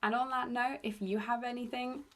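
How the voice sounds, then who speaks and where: A young woman from England with a slightly raspy voice, hosting a solo podcast into her phone in a rambling, self-deprecating chat. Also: fairly high pitch, fairly even intonation, moderate pace, fairly bright tone. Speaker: podcast host.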